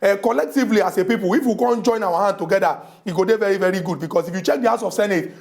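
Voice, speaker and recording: A man's voice: high voice, very fast, gravelly, a little mellow. A Nigerian man hosting a talk radio show in Pidgin, making emphatic points about civic duty.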